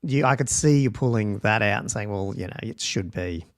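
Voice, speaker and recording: A man's voice: on the low side, normal speed, no echo, clean studio sound. A man hosting a livestream podcast, reading out rules and thinking aloud in a loose, casual way with ums and restarts. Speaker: podcast host.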